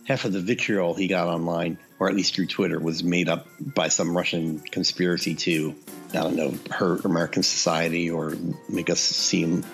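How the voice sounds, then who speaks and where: Low-voiced rambling podcast co-host, male. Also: level tone, normal speed, fairly bright tone, faint music behind. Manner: rambling, chatty, with frequent fillers. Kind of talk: casual podcast chat.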